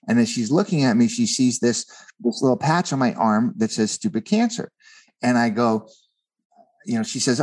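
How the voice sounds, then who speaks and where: A man's voice: on the low side, a little fast, darkish tone. A man, a guest and author, telling a personal story in an earnest conversational way, often repeating words as he starts a thought.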